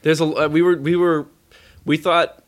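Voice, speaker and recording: A man's voice: a little high, level tone, normal speed. A man talking casually and crudely about movies with a friend, joking and often trailing off mid-sentence.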